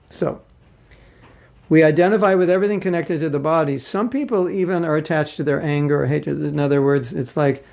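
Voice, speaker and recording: A man with a slightly high, gravelly voice teaches a spiritual class in a loose, conversational way. He chuckles often and slips into little acted voices when quoting people. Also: a little mellow. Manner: informal, chuckling, acts out quoted voices.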